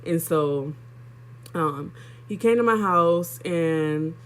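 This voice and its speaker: A woman's voice: low-pitched, slow pace. A young woman vlogger telling a personal story in a candid, chatty way, addressing her viewers directly. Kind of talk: casual storytelling vlog.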